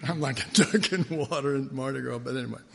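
A man preaching a sermon in a chatty, joking way, telling stories and doing quick voices of people in them. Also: mid-range voice, vocal fry. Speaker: pastor.

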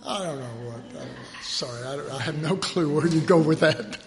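A man's voice: a little high, moderate pace, few pauses. A man preaching a humorous sermon, acting out dialogue and drawing a diagram as he speaks. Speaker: pastor. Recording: roomy echo.

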